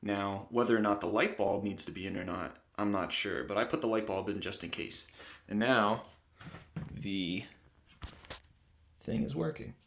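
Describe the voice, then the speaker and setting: A young man talking through a home wiring job in a relaxed, thinking-aloud way. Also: fairly low pitch, normal speed, creaky, pauses often. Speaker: DIY video host. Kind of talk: casual how-to narration. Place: indoors in a home bathroom.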